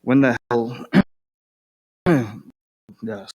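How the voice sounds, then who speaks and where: A man reading his own personal letter aloud, slow and measured, pausing often and clearing his throat. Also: mid-range voice, steady tone, darkish tone, in a large hall.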